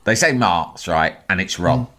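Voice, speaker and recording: A man telling a long, animated anecdote in casual chat, swearing freely and acting out the people he quotes. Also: low voice, a little slow. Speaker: storyteller in a chat.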